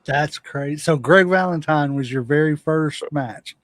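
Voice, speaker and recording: Host with short, dry-sounding reactions. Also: male voice, a little high, measured pace, a bit bright, no echo. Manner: short reactions to the guest's story. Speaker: podcast host. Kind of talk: casual interview chat.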